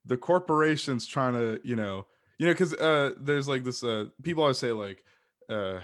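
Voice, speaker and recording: A man in casual conversation, passionate and rambling, cursing freely. His voice sits at an ordinary middle pitch. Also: lively intonation, normal speed. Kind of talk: casual chat.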